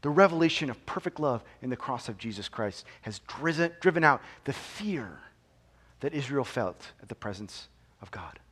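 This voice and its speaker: Preaching as a pastor, a man with a mid-range, slightly breathy voice lets his volume fall to near-whispers before building to loud, insistent proclamation. He repeats phrases and poses rhetorical questions to the congregation.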